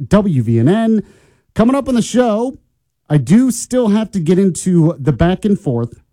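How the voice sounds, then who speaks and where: A man's voice: sits high, warm tone, no room sound. A man hosting a morning talk radio show, chatty and opinionated, teasing listeners and colleagues. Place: radio studio.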